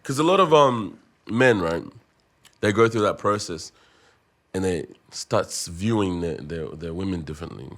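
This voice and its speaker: A man with a very low voice hosting a casual podcast. He speaks in a laid-back, slangy way and keeps nudging his guest along with questions. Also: expressive, normal speed. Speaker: podcast host. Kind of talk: casual interview chat.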